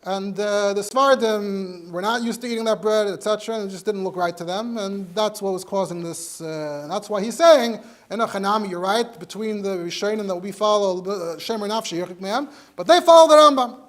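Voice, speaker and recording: A rabbi speaks a little fast with hardly any pauses, his high voice fairly bright in tone. He's teaching halacha in English, working through sources step by step while weaving in Hebrew and Yiddish vocabulary.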